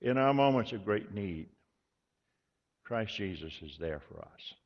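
A man preaching a sermon as pastor, earnest and measured, repeating key words for emphasis. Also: lowish voice, lively intonation. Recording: dull lo-fi sound with long hall reverb.

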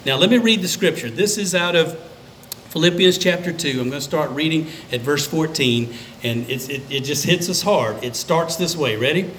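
A man preaching a sermon as a pastor, conversational and emphatic, with dramatic pauses. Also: fairly high pitch, fairly bright tone, a little hiss or hum, low-quality recording. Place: church sanctuary.

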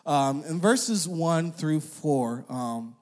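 A man's voice: on the high side, extremely slow. Casual young male preacher. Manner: conversational, uses slang and filler words; animated, acts out quoted voices. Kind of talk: casual sermon.

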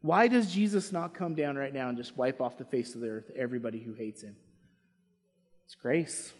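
A pastor preaching a sermon in a church with impassioned delivery, dropping to quiet asides. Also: male voice, mid-range voice, normal speed, breathy edge. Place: church sanctuary. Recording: long hall reverb.

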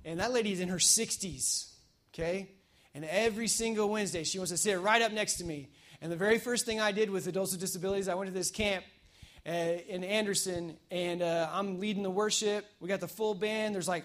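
A man preaching a casual, energetic sermon at a church service, telling stories in a chatty way with fillers. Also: high voice, a little fast. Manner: energetic, conversational storytelling with fillers. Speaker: pastor.

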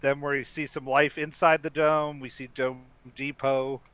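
A man's voice: medium pitch, little pitch movement, normal speed, fairly bright tone, clear, resonant tone, dry recording. A man co-hosting a podcast, chatting casually through a film recap, rambling with restarts and laughing often. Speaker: podcast co-host.

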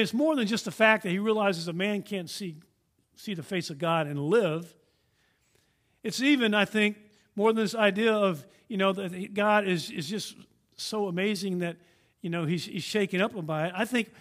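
A man preaching a sermon, earnest and emphatic, swinging from raised declarations down to hushed lines, often repeating and restarting words. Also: sits high, moderate pace. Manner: earnest, emphatic, rising and dropping to a hush.

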